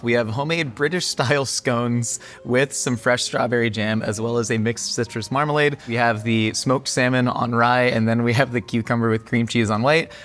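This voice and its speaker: A jokey, upbeat man hosts a food show and walks through each dish. His voice sits at a middle pitch. Faint music plays underneath. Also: a bit bright. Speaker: host. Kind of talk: casual food show hosting.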